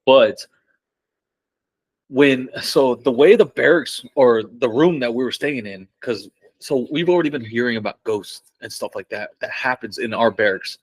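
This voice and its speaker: A man's voice: mid-range voice, moderate pace, no room sound, low-quality recording. Young man telling stories, casual. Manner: excited, swearing, laughs often, acts out quotes loudly. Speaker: podcast guest. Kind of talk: casual storytelling.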